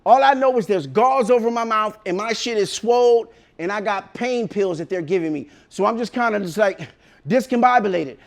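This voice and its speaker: A man with a very high voice tells a personal story casually. He talks in slang, swears freely and jumps into loud shouts when the story peaks. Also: normal speed, gravelly. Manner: animated, swearing, bursts into shouts.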